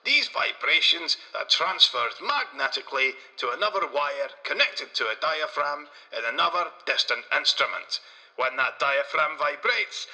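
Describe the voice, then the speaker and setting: A man's voice: a little high, bright, forceful tone, big-room sound, voice pushed up, heavily acted, rough recording. A man voicing a crude, boastful Scottish male inventor, swaggering and vulgar in broad dialect. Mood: lecturing.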